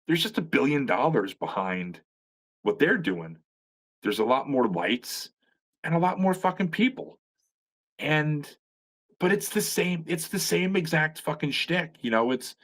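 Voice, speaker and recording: A man's voice: a little high, animated, moderate pace, fairly bright tone. A middle-aged man, a veteran pro wrestler, telling stories in a casual chat with a profane, rambling, sarcastic manner. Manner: profane, rambling storyteller with frequent restarts; sarcastic humor.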